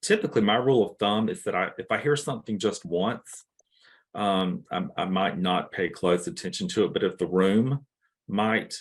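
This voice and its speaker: A man speaking as a novelist on a panel, measured and thoughtful with careful pauses. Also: low voice. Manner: measured, thoughtful, hesitant fillers. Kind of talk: casual panel discussion.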